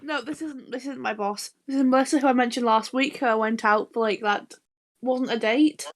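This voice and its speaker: A woman co-hosting a casual podcast, her voice pitched a bit higher than most. She rambles through anecdotes full of false starts and laughter, and she swears freely. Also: a little fast. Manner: rambling, laughing anecdote-telling with many restarts. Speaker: podcast co-host. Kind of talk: casual chat.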